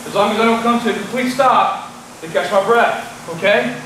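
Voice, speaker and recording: A man's voice: sits high, moderate pace, fairly bright tone, a little hiss or hum. A man with a Texan accent explaining a rowing test as an instructor, plain and repetitive, checking in with "okay?" as he demonstrates. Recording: echoey room from a distance.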